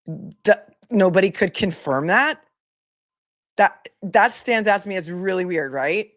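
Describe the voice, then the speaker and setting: A woman's voice: mid-range voice, animated, measured pace, pauses often. A woman attorney giving casual commentary, chatty and incredulous, reading posts aloud. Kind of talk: casual commentary on a legal case.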